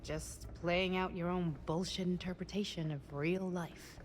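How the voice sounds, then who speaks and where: An actress playing a bitter, resentful adult sister in a game, with a sarcastic, cutting way of talking. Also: female voice, on the low side, fairly even intonation, measured pace, natural voice.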